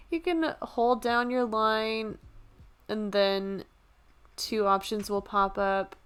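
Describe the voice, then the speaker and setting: A woman's voice: medium pitch, expressive, moderate pace, smooth. A woman streamer chatting casually and joking at her own expense while she draws. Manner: joking, self-deprecating. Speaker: livestreamer.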